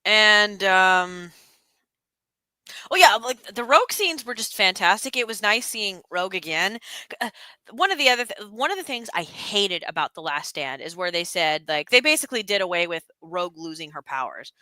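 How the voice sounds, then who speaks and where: A young woman co-hosting a casual chat stream, talking in an animated, rambling way with lots of fillers and restarts. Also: medium pitch, moderate pace, no echo. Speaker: stream co-host.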